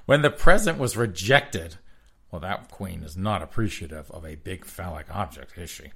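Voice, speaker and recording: Sarcastic, low-voiced male host. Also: a bit bright. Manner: sarcastic, mocking, laughing. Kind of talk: comedic news commentary.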